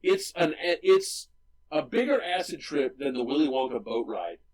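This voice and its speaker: A man co-hosting a casual movie podcast, retelling scenes with energy and quick character voices. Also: fairly high pitch, lively intonation, darkish tone, distant mic, rough recording. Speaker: podcast co-host.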